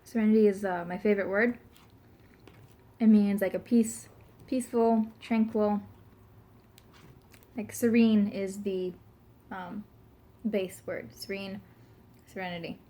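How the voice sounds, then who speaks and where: A woman's voice: mid-range voice, fairly even intonation, slow pace, pauses often, dark tone. A young pregnant woman in her twenties chatting casually to camera, rambling with lots of fillers and giggles. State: pregnant, burping now and then. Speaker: vlogger.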